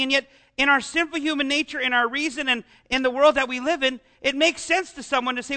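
A man's voice: extremely high pitch, quick pace, pushed and bright. A Canadian man preaching a sermon as pastor, in a conversational style with chatty asides.

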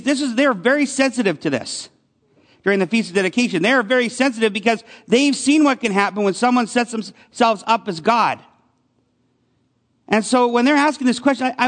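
A man's voice: high-pitched, long reverb tail. A man preaching a conversational sermon as a pastor, often asking his listeners questions. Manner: conversational, asks the congregation questions.

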